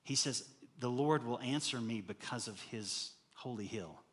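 Male pastor, animated sermon, emphatic bursts, mid-pitched voice, long hall reverb. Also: unhurried. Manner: animated preaching, rising to loud emphatic bursts.

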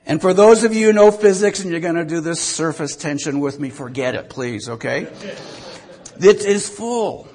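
A man's voice: fairly high pitch, brisk, hardly any pauses, darkish tone. An older man preaching a sermon to his congregation, folksy and self-mocking, with asides to the listeners. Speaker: pastor.

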